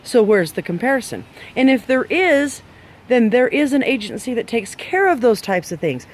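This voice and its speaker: A man's voice: very high-pitched, very animated, normal speed. A man giving dog owners blunt training advice, emphatic and scolding, with many rhetorical questions.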